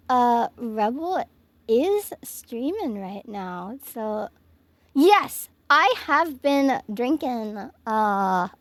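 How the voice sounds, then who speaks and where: A woman's voice: high voice, no room sound. A young woman streamer signing off from her home office, gushing and giggly as she thanks her chat. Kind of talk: casual stream sign-off chat.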